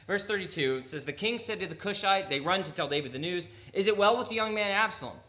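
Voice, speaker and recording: A man's voice: high-pitched, lively intonation, fast talker, bright, forceful tone. A young man preaching a sermon in church, reading scripture and breaking into casual, joking asides and acted-out quotes. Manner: conversational, joking asides, acts out quotes in voices. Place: church sanctuary.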